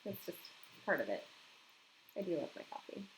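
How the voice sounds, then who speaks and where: A woman's voice: fairly low pitch, sing-song, normal speed, a little hiss or hum, poor audio. Chatty woman hosting a writing stream. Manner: chatty, laughs often, reacts to chat comments. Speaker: live-stream host. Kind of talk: casual live-stream chat. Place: home.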